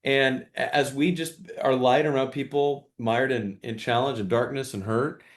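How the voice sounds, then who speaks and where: A middle-aged man, a father, telling a story in an interview with earnest warmth and acting out quoted dialogue. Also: medium pitch, steady tone, normal speed. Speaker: guest, father.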